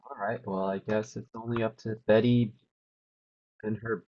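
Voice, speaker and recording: A man's voice: fairly low pitch, level tone, moderate pace, dark tone, lo-fi sound. A man live-streaming, giving wry, teasing commentary in a casual chat.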